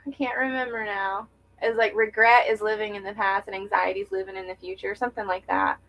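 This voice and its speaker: A woman's voice: mid-range voice, level tone, fairly quick, gravelly, fairly bright tone, slight background noise, rough recording. A young woman speaking as a podcast guest, reflective and earnest, talking candidly with many filler words. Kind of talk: candid conversational interview.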